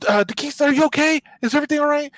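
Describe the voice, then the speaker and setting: An alarmed woman nurse fires off worried questions in a high voice, as a man puts her on. She sounds anxious and rushed. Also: no room sound, studio quality, lightly acted.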